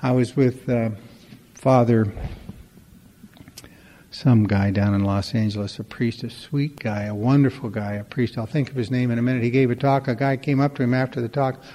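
A man's voice: medium pitch, fairly even intonation, moderate pace, dark tone, big-room sound. A man giving a storytelling talk at a recovery meeting, conversational and wry, acting out the dialogue in his stories.

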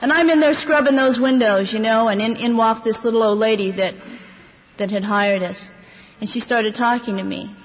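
A woman with a higher voice speaks at normal speed as she shares her story with a recovery meeting, openly and with frequent laughter. It's recorded in an echoey hall, with muffled lo-fi quality and light background noise.

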